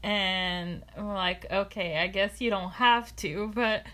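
A woman's voice: medium pitch, a little slow, a bit bright. A woman co-hosting a podcast in casual chat, rambling and hesitant as she works out her thoughts. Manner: rambling, hesitant, fillers and restarts. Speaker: podcast co-host.

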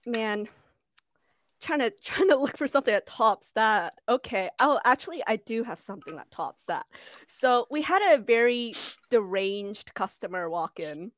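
A young woman with a high voice trades stories in a casual chat as a podcast co-host. She laughs often as she talks, and the sound is dry and close to the mic. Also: animated, normal speed, no echo. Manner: laughing, conversational storytelling.

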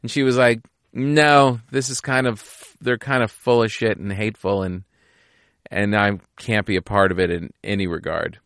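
Laid-back man with a low voice. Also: steady tone, moderate pace, a bit bright, no echo, clean studio sound. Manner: laid-back, easygoing, lots of agreeing. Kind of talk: casual podcast chat.

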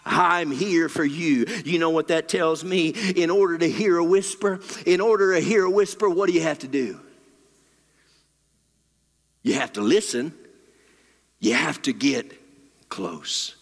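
A man preaching a sermon into a handheld mic, swinging between loud, dramatic lines and near whispers. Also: on the high side, a little slow, long pauses. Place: church sanctuary. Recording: long hall reverb.

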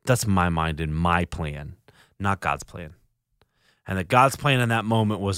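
On the low side and a bit bright, his voice has lively intonation in a dry studio recording. He hosts a solo podcast, speaking earnestly and reflectively with frequent halts and restarts.

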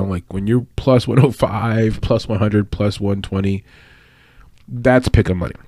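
Studio-quality and echo-free, the recording captures a lowish, creaky, darkish-toned voice. The speaker is an English-native fight analyst and betting tipster giving casual predictions and tips, chatting away with plenty of fillers and small laughs at his own comments.

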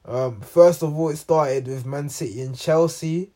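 A man's voice: fairly high pitch, a little slow, warm tone. A man hosting a football reaction channel, talking casually and rambling, with many ums and restarts. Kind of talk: casual unscripted commentary.

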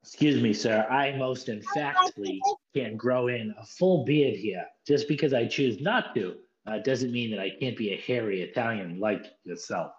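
A man's voice: medium pitch, expressive, normal speed, few pauses, lo-fi sound. A man with a Boston accent co-hosting a casual podcast chat, given to playful mock-formal banter. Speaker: podcast co-host.

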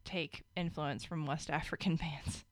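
A woman's voice: low voice, fairly even intonation, a little slow, no echo, studio quality. A woman, co-hosting a podcast in casual chat, laughing often and swearing casually. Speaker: podcast co-host.

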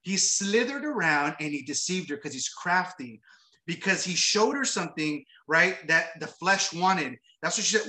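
High-voiced, bright-toned male preacher. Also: expressive, a little slow. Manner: conversational, repeats words, frequent tag questions. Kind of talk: sermon with scripture reading. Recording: roomy echo.

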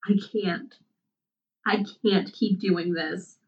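Heartbroken young woman read by a woman, strained but firm, slow delivery, distant dull recording. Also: mid-range voice, steady tone.

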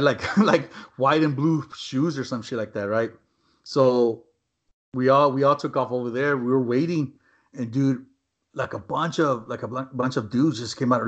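A young man telling a story to friends in a rambling, profane way, with lots of "man" and "right?" tags. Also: mid-range voice. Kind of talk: casual storytelling among friends. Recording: dull lo-fi recording.

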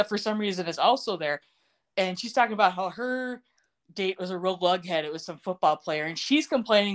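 A woman's voice: mid-range voice, a bit bright. A woman hosting a casual recap chat, blunt, profane and sarcastic, often breaking into laughter. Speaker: podcast host recapping a TV series.

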